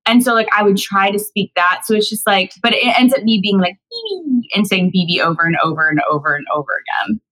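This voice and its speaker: A woman's voice: medium pitch, fast talker, hardly any pauses, a bit bright, rough recording. Bubbly, rambling young woman guest. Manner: bubbly, giggly, rambling with many restarts. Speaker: podcast guest, actress and singer. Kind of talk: casual interview chat.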